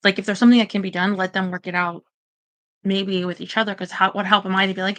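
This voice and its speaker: A woman's voice: medium pitch, level tone, fast talker, fairly bright tone. A woman rambling anxiously in casual livestream chat, talking straight to her viewers.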